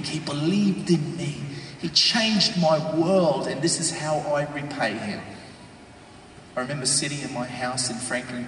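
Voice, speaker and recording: A man tells his story from a stage in a large hall, his voice bouncing around the room with a long reverb. He is heard from a distance, with faint ambience behind him. He tells it with strong feeling, dropping low and then bursting out loud. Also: slight background noise. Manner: emotional storytelling, swinging from hushed to shouting. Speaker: speaker giving a testimony. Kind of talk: dramatic testimony to an audience. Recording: echoey hall from far off.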